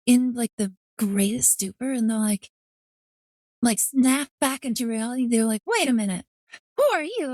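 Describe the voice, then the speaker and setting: A woman streaming a game, chatting casually in an excitable, rambling way full of fillers. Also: high voice, dry recording.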